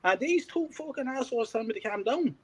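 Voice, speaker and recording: A man's voice: extremely high pitch, fairly quick. A man, co-hosting a casual fan chat and telling heated, expletive-filled stories. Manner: swearing heavily, heated and animated storytelling. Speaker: co-host of a fan podcast.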